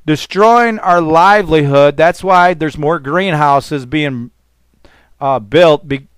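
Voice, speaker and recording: A man's voice: a little high, fairly bright tone, smooth, no echo. A man preaching as a pastor, fervent and rambling, with call-and-response exclamations to his listeners. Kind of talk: preaching sermon.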